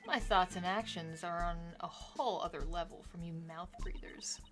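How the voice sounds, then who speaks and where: A woman's voice: fairly low pitch, moderate pace, music in the background, natural voice. Woman voicing a smug, vain young student. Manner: smug, condescending.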